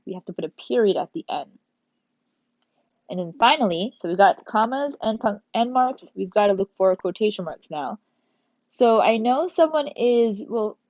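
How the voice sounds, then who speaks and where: A woman teacher walking young pupils step by step through a recorded lesson, in an animated manner. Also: mid-range voice, dry recording, dull audio. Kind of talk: recorded remote class lesson.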